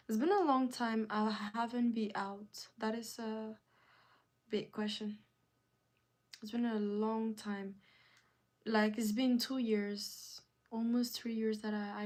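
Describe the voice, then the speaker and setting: A woman hosting a casual live stream, her voice pitched a little high and her pace unhurried. She reads viewer comments aloud and keeps repeating her question to the chat, now and then dropping into soft, half-whispered asides. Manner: drifts from loud rallying calls to soft near-whispered asides.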